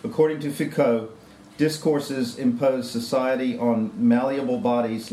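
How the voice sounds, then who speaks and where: A man's voice: mid-range voice, dark tone, slight background noise. A man giving an academic conference talk, reading a prepared paper with hesitant ad-libbed asides. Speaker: lecturer. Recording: roomy lecture-hall echo.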